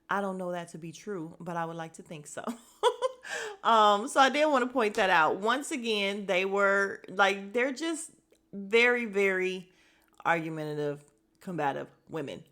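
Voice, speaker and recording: A woman's voice: medium pitch, a bit bright. Blunt, cursing woman podcast host. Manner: blunt, opinionated, swears freely; chatty with frequent fillers and asides. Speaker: podcast host reviewing a reality dating show. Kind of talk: casual recap chat.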